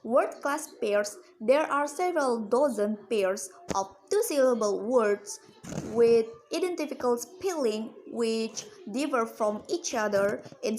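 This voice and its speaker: Slow, careful woman with a higher voice. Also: a little hiss or hum, poor audio. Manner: slow, careful, with many repeated "okay"s. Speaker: student presenter. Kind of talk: reading a lesson on English word stress.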